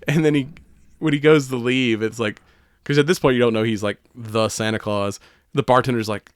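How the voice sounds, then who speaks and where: A man's voice: medium pitch, fairly even intonation, normal speed, clear, resonant tone, no echo, clean studio sound. Laughing, rambling podcast man. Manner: profane, rambling, laughs often. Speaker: podcast co-host. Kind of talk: casual movie chat.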